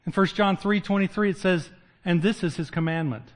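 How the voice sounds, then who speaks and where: Older man, high-ish voice, pastor preaching; folksy and joking, builds to loud emphasis, drops quiet for weight. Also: fairly quick. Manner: conversational, jokes with the congregation; swings from loud emphatic to low hushed. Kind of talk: sermon.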